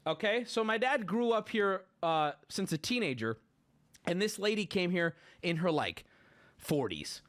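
A man's voice: sits high, very animated, measured pace, a bit bright. A man in his late twenties, hosting a livestream, ranting indignantly and swearing as he talks. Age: late 20s. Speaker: livestream host. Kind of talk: casual livestream rant.

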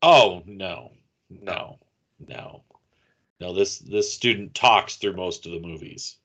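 A man's voice: deep voice, slow pace, a bit bright, breathy edge. A man chatting casually as a podcast co-host in a wry, offhand way. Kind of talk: casual chat.

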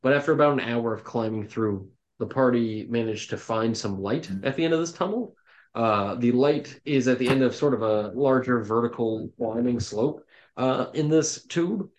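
A man running a tabletop game as dungeon master, narrating in a loose, relaxed way full of ums and restarts. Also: medium pitch, normal speed. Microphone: home microphone on an online call.

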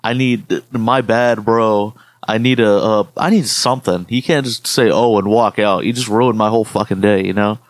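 A man's voice: fairly low pitch, a little fast, hardly any pauses, no echo. A man co-hosting a podcast, telling rambling stories in casual chat with lots of swearing. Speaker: podcast co-host.

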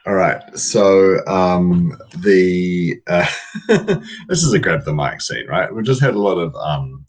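A man's voice: low voice, slow, rough recording. A man narrating his tabletop game turn, rambling and hesitant with many fillers. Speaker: player.

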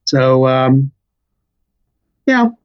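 An older man slowly recalling his family's story as an interview guest, pausing often with fillers. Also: mid-range voice, sing-song, clear, resonant tone, highs cut off. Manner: slow, halting, many fillers. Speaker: interview guest, child of survivors. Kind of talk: reflective personal storytelling.

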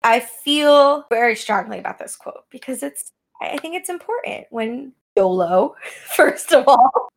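High-voiced animated woman podcaster. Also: unhurried, creaky. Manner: animated, laughs often, swears casually. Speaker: podcast co-host. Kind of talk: casual chat recapping an anime.

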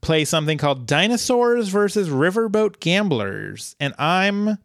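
A man co-hosting a casual podcast, recapping a TV episode in a chatty, halting way with many restarts. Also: sits high, big pitch swings, no room sound, studio quality. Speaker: podcast co-host.

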